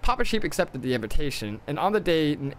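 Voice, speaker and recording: A man's voice: on the high side, very animated, fast talker, slight background noise. A man reading a storybook aloud on a live game stream, swearing and joking between stumbling lines. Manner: profane, joking asides, stumbles and restarts. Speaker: gaming streamer.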